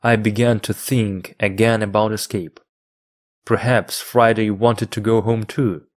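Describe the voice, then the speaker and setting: Slow, low-voiced male story reader. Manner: measured, even phrasing for learners. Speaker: English teacher reading a book aloud. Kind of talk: slow, deliberate storybook reading.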